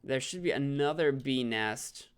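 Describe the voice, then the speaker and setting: A man's voice: mid-range voice, measured pace, smooth. A man casually commenting on his own gameplay during a live stream, chatting with viewers and poking fun at himself. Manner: chatty, self-deprecating, reads chat aloud.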